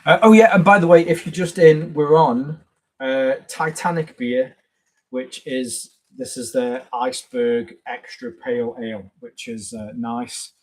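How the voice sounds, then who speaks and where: A man with a husky, slightly breathy voice chats loosely on a live stream. He rambles from point to point and greets viewers by name as they arrive. His pitch sits in an ordinary middle range for a man. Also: steady tone, measured pace, poor audio. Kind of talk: casual live stream chat.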